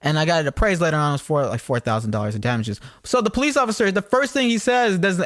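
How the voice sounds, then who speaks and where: Animated young man telling stories. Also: a little high, fast, few pauses, dry recording. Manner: swearing, animated storyteller. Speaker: podcast co-host. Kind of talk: casual storytelling chat.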